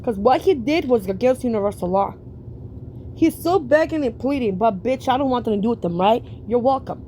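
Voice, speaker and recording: A high-pitched woman rants bluntly at her audience, stretching her phrases out for emphasis. Her tone is mellow and soft-edged despite the harsh words, and faint noise sits in the background. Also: animated. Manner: blunt, emphatic, drawn-out preaching. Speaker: reaction streamer. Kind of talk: profane reaction rant.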